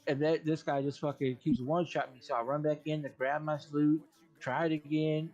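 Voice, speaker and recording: A man with a fairly high, flat, darkish voice talks briskly on a stream, casually telling gaming stories while cursing a lot and laughing often. The stream audio is dull and lo-fi, with faint music behind him.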